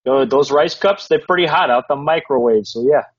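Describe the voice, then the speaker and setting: A man's voice: on the high side, moderate pace. Laid-back man co-hosting, lo-fi sound. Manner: laid-back, rambling, laughs often. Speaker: co-host of a fantasy football recap. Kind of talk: casual chat. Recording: dull lo-fi recording.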